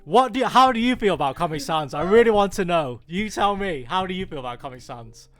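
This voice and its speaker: Give me an animated British man hosting a stream. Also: high voice, a little fast, faint music behind. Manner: animated, acts out quoted people in raised voices. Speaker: stream host. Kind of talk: casual chat.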